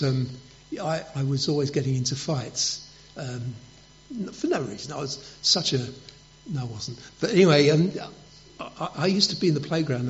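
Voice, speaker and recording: Preacher guy, mid pitch, storytelling sermon, kinda muffled lo-fi audio. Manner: storytelling, rhetorical questions, emphatic. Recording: dull lo-fi recording.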